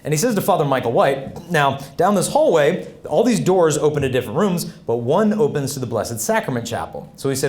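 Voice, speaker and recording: Animated man telling stories in a roomy hall. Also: a little high, fairly quick. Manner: animated storytelling with voiced quotes and laughter. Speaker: Catholic speaker. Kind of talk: humorous talk to students. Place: large hall with audience.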